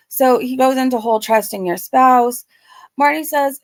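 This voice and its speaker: Blunt woman commentator, casual recap, high and gravelly, dry close sound. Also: moderate pace, no echo. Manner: blunt, swears freely. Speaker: YouTube commentator.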